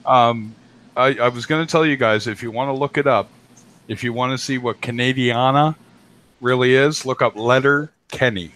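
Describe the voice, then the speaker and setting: Speaking at a moderate pace in a mid-range, slightly bright voice, this male streamer chats casually into a home computer mic that picks up a little hiss or hum. His manner is loose and jokey, and he swears freely.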